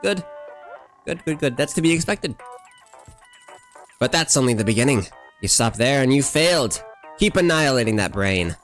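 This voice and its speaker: A brash old shopkeeper woman, put on by a man for a game, who lectures and teases with blunt confidence. She talks at a middling pitch, with a wry, conspiratorial edge. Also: very animated, normal speed, pauses often, a bit bright, faint music behind. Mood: brash, secretive.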